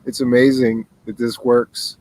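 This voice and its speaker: A man hosting a call-in show in casual chat, recorded on a laptop outdoors by a fire in the mountains, relaxed and easily amused. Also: medium pitch, no echo, poor audio. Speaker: host. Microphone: laptop mic.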